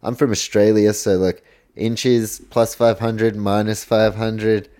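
A New man talks loosely through a solo podcast in a low, relaxed, mellow voice. He wanders off on tangents, corrects himself mid-sentence and drops the odd swear word. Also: slow. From New Zealand. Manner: rambling, self-correcting, swears, goes off on tangents. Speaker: podcast host. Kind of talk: casual solo podcast preview.

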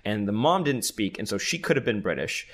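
A man co-hosting a podcast in casual chat, animated and quick to jump up in pitch when excited. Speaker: podcast co-host.

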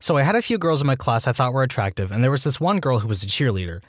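Man, scripted storyteller, mid-pitched, wry matter-of-fact delivery, dry close recording. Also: very animated, rapid-fire, dry recording. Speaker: narrator reading anonymous posts. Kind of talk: scripted narration.

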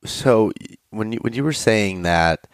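A man's voice: lowish voice, expressive, a little slow, no room sound, studio quality. A man from Pennsylvania hosting a casual interview, asking questions in a hesitant way.

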